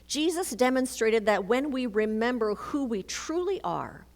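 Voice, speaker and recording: A woman's voice: fairly high pitch, a little slow. A woman minister giving a sermon, telling a personal story and acting out the dialogue in it. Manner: storytelling, animated, acts out dialogue. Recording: reverberant hall.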